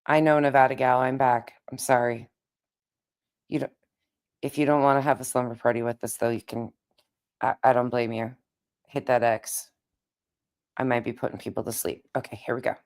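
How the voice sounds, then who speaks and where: A woman live-streaming in a casual, chatty way, greeting viewers by name, with a raspy voice. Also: rumbling low, level tone, normal speed, pauses often, darkish tone.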